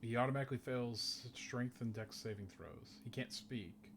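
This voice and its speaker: A man's voice: mid-range voice, moderate pace, gravelly, a little hiss or hum. A man playing in a tabletop game, working through the rules aloud and planning his character's moves. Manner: methodical, checks rules out loud. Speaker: player.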